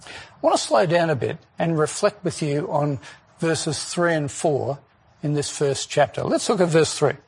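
A man delivering a sermon in a slightly high, gravelly voice with a husky edge. He speaks earnestly and leans on key words with deliberate pauses. He often poses rhetorical questions to the congregation. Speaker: preacher.

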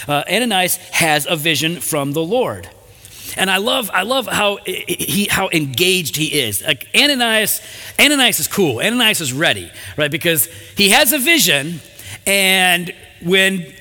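A male pastor reads scripture and then unpacks it in a lively, conversational sermon. His voice is high and bright. The long reverb of a big hall hangs behind every line. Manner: animated, conversational preaching with asides.

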